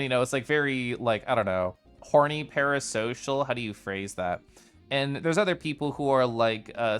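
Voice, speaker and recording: A man's voice: medium pitch, a bit bright, clean tone. A young man chatting casually on a live stream, answering his chat and laughing often.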